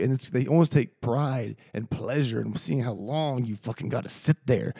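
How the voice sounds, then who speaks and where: A man's voice: mid-range voice, animated, a little fast, vocal fry, mellow, breathy edge, no room sound, clean studio sound. A man hosting a casual solo podcast, rambling and heated, swearing freely. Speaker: podcast host.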